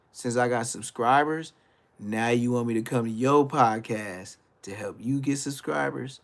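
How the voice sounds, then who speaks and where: A man hosting his own live stream, talking in a casual, blunt and profane rant that rambles, trails off and restarts, swinging between low mutters and loud outbursts. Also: unhurried, vocal fry.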